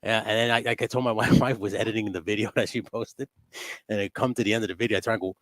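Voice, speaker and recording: A man hosting a live stream in casual chat, telling stories in a profane, animated way. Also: on the low side, very fast, dry recording.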